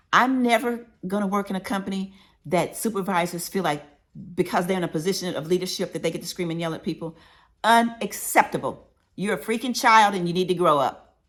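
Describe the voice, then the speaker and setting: A woman author telling workplace stories in a conversational way, talking straight to her listeners with emphasis. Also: low voice. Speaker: author sharing workplace advice. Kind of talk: conversational storytelling audiobook.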